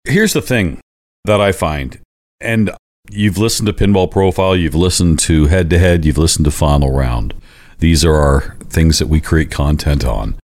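A man's voice: very deep voice, moderate pace, darkish tone. A man with a Canadian accent co-hosting a podcast, chatting casually, joking and swearing. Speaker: podcast co-host. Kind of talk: casual chat.

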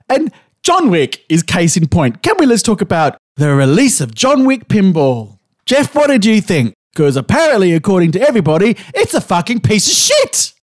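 A man's voice: sits high, huge pitch swings, normal speed, no echo, clean studio sound. An Australian man co-hosting a podcast in casual chat, blunt and profane, with a wheezy laugh. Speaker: podcast co-host.

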